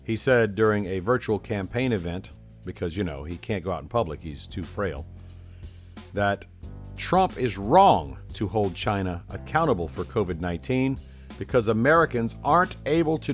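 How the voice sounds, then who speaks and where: A man's voice: on the low side, very animated, normal speed, faint music behind. Scornful male political commentator. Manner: scornful, mocking.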